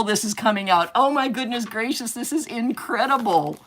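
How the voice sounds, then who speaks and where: A woman's voice: a little high, expressive, normal speed, hardly any pauses. A woman hosting a live crafting stream, chatting casually and rambling, often gushing with delighted exclamations. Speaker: craft livestream host.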